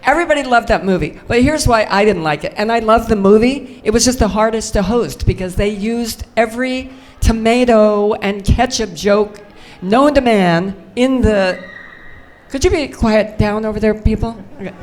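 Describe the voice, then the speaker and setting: A woman's voice: medium pitch, normal speed, a little mellow. An older woman telling anecdotes as a guest on a convention panel, chatty and self-mocking. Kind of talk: storytelling on a fan panel. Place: convention stage before a live audience.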